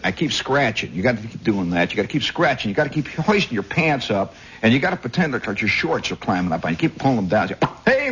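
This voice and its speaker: A man from Indiana telling a rambling story as a radio host, on a dull 1960s radio recording. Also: on the low side. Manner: rambling, animated, husky raconteur. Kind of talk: storytelling monologue.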